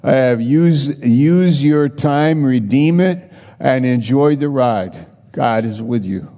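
A man's voice: medium pitch, expressive, takes it slowly, warm tone. A man in his sixties preaching a sermon with a personal testimony, earnest and conversational, repeating his phrases. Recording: long reverb of a large hall.

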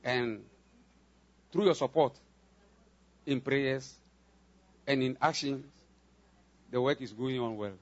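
A man's voice: medium pitch, slow, pauses often. A man from West Africa, a pastor giving an earnest mission report to a church, repeating himself and breaking into emphatic bursts. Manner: earnest, repetitive, with emphatic bursts and sound imitations. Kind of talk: church testimony. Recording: dull lo-fi church recording.

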